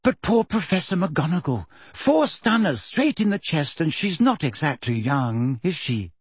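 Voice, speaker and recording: Audiobook: a man plays an upset clever schoolgirl, slightly higher, husky. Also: sing-song, measured pace, no echo, full character voice. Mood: shaken. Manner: shaky, tearful and bitter. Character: clever teenage girl, earnest and emotional.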